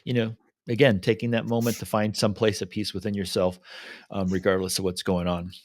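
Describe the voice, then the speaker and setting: Low-voiced man, relaxed podcast co-host. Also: brisk, dry recording, clean studio sound. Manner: laid-back, retells stories with voiced asides. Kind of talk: casual reflective chat.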